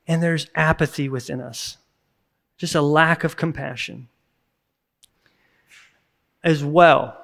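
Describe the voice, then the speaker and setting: Earnest high-voiced male pastor. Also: steady tone, slow, gravelly, long pauses, a bit bright. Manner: conversational, earnest, with sudden bursts of emphasis. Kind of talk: sermon. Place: church service recording.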